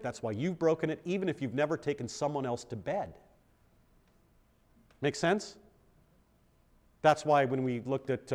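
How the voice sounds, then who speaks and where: A man, a pastor, teaching a Bible study in a conversational way, often checking in with the group and poking fun at himself. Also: medium pitch. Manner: self-deprecating humor.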